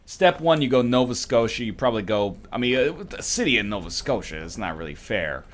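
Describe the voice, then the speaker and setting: A man's voice: mid-range voice, big pitch swings, brisk, a little hiss or hum. A man in his thirties giving casual, jokey let's-play commentary, rambling and slipping into mocking voices. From Canada.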